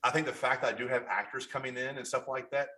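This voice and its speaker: A chatty man from Kentucky, USA, tells stories brightly and quickly in a mid-range voice as a guest photographer on a podcast. The interview is casual, and he restarts often while acting out the quotes he recounts.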